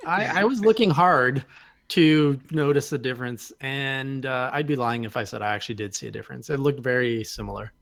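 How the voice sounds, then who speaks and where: A man talking as a guest in a casual chat, relaxed and matter-of-fact. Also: mid-range voice, a little fast, creaky.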